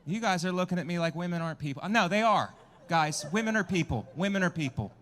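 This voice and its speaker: A man's voice: high-pitched, expressive, fast, fairly bright tone. A man performing a stand-up comedy set with crude, self-mocking crowd work, at a small outdoor show.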